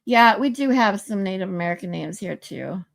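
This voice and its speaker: Speaking at a moderate pace in a creaky, medium-pitched voice with lively intonation, a woman hosts a casual livestream. She chats playfully, reads viewer comments aloud and tries out pronunciations.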